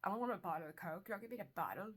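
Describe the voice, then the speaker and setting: A woman's voice: medium pitch, lively intonation, rapid-fire, a bit bright, slightly rough. A young woman hosting a casual self-help talk, speaking candidly, swearing now and then and acting out her own thoughts. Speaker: wellness video host.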